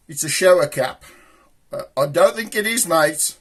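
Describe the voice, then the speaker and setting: A man's voice: high voice, expressive, normal speed, background noise. A man with a Black Country accent hosting a puppet show, chatting in broad, cheeky, rambling banter. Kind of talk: comic chat with a puppet.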